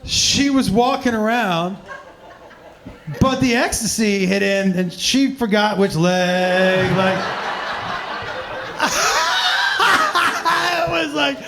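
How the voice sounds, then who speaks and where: A male comedian telling profane stories at a live Q&A, animated and laughing often. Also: sits high, takes it slowly, noisy background. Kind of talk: storytelling in a live Q&A.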